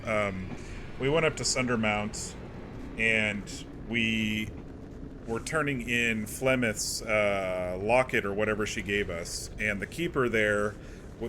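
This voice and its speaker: A man's voice: on the low side, measured pace, pushed and bright, a little hiss or hum. A man streaming a video game, giving casual gameplay commentary in a chatty, rambling recap full of self-corrections.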